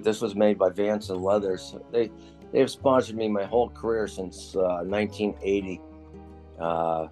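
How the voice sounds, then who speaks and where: A man's voice: low voice, warm tone. A man in his sixties, a retired motorcycle stunt rider, casually reminiscing in a folksy storytelling way. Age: 60s. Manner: folksy storyteller, laughs at his own tales.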